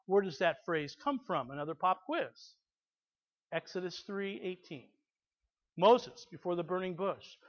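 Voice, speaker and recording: A man's voice: sits high, animated, unhurried. A man preaching a sermon, reading scripture aloud with emphatic asides to the congregation. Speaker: pastor. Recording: slightly dull lo-fi recording.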